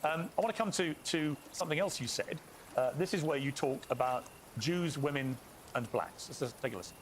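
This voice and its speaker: A man interviewing a guest on a broadcast, asking calm, probing questions. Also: on the high side, fairly quick, a little hiss or hum.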